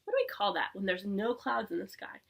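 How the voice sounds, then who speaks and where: A young woman leading a preschool circle time lesson from home, with an animated sing-song manner that often drops to a soft whisper. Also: mid-range voice, vocal fry. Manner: animated sing-song teacher voice with gasps and drawn-out words. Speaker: preschool teacher.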